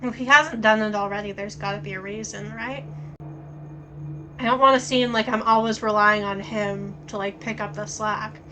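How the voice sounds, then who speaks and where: Bright-voiced woman reading a game aloud. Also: mid-range voice, steady tone, normal speed, slight background noise, rough recording. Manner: casual, swears, thinks aloud. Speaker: streamer playing a story game.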